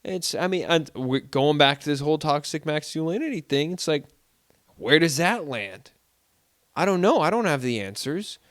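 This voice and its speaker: A man from South Dakota hosts his own podcast from a room at home. His voice sits a bit high, and he rambles through casual stories packed with fillers and slang. The sound is dry and close. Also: expressive, moderate pace, a bit bright, no room sound. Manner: rambling, filler-heavy, lots of "like" and "dude". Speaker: solo podcast host. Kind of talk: casual storytelling monologue.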